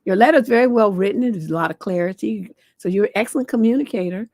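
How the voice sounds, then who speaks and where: A woman's voice: medium pitch, quick pace, darkish tone, no echo. A woman relationship coach on a livestream advice show, giving blunt, scolding advice with rhetorical questions and salty language.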